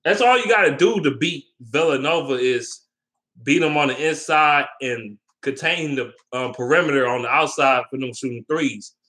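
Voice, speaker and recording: Bright-voiced man rambling about sports. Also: mid-range voice, moderate pace. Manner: rambling and opinionated, with loose slang and frequent ums. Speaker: sports vlogger. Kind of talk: casual sports talk.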